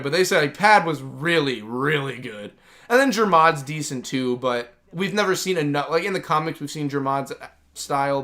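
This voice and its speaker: Sharp-toned and on the high side, a male livestream host chats through his gaming stream. He rambles casually and enthusiastically, leaning on "like" again and again.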